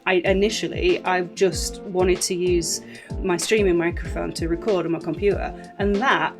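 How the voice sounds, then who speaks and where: A woman's voice: lowish voice, steady tone, moderate pace, over music. A woman chatting casually on a live stream, rambling and self-mocking.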